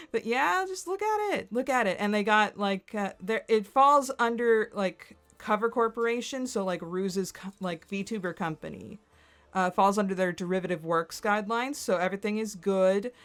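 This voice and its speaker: A young adult woman streaming from her computer, chatting casually and excitedly, rambling with lots of fillers and frequent giggles. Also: medium pitch, moderate pace. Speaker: streamer reacting to content. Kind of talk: casual chat while screen-sharing.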